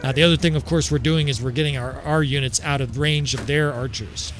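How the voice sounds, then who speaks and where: A man giving casual, excitable gameplay commentary as he sets up a battle, swearing freely and laughing often. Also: medium pitch, a little fast, background noise.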